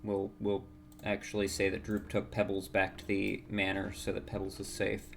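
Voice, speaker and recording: A man narrating as dungeon master in a tabletop game, halting with many fillers. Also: on the low side, monotone, vocal fry, fairly bright tone, a little hiss or hum.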